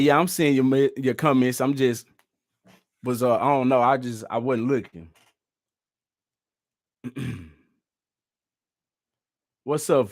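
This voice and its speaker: A man's voice: mid-range voice, no echo, studio quality. A man vlogging casually and reacting to clips, slangy and loose. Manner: laid-back, slangy and loose.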